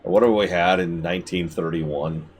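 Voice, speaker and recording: A man giving live gameplay commentary as a streamer, talking to the game and swinging between shouted outbursts and low mutters. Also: fairly even intonation, a little fast, a little hiss or hum.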